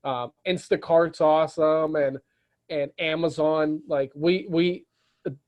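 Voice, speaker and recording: A young adult man with a slightly high, slightly mellow voice speaks slowly in a steady tone. Appearing as a podcast guest, he chats casually, often restarting and repeating words.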